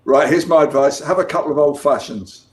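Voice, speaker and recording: A man's voice: on the high side, a little fast. A man, a comics artist chatting casually as an interview guest, with many restarts. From England. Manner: chatty storyteller with frequent restarts.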